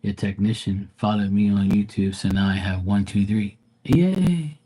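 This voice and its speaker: In a casual, ranting live-stream chat, a man swears and mocks, drawling as he quotes people in exasperated put-on voices. His voice is lowish, monotone and dark with a breathy edge, at a normal speed.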